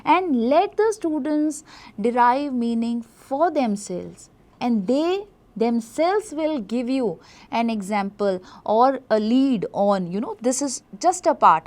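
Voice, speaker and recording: A woman's voice: fairly high pitch, lively intonation, a little slow. A woman lecturing trainee teachers, explaining step by step, with frequent "you know" and repeated words for stress. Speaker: teacher educator.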